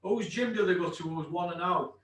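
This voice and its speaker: A man's voice: sits high, fairly quick, a bit bright, recorded from a distance. Sweary man in an echoey room. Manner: blunt, sweary, mock-aggressive banter. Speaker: host. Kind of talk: casual podcast chat.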